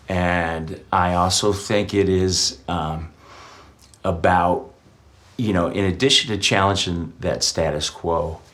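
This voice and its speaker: A man's voice: sits low, fairly bright tone. A middle-aged man answering interview questions in a reflective way, sharing personal anecdotes. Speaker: interview guest.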